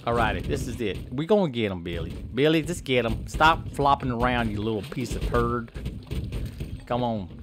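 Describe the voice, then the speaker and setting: A man's voice: mid-range voice, animated, moderate pace, over music, natural voice. A man voicing a dim-witted, rambling redneck crayfish farmer, stumbling and boasting as he plays a game. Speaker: gaming YouTuber. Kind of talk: improvised comic character commentary over gameplay.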